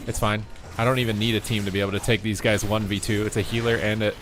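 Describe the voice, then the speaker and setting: A man streams a video game with music in the background, chatting casually with viewers as he plays, joking and occasionally swearing. His lowish voice moves quickly with little change in pitch.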